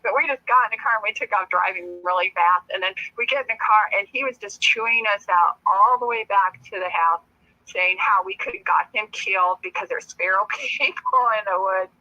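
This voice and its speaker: A woman guest telling a personal story in a casual, lively way, laughing often as she talks. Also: medium pitch, brisk, dull audio.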